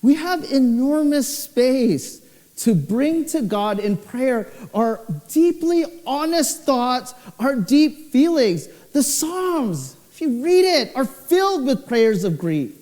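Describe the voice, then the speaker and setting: A young male pastor preaches in an unhurried, deliberate way, his fairly high voice leaping up and down as he tells stories. The sound carries a long church-hall reverb behind it. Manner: expressive storytelling, voice swinging low and high. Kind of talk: sermon.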